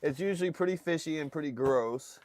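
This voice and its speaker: Talking to his live chat from a fishing boat, a man from Alaska shares a casual story and imitates his relatives. His voice is on the high side, a little fast and a little mellow, and the phone livestream has a touch of hiss or hum.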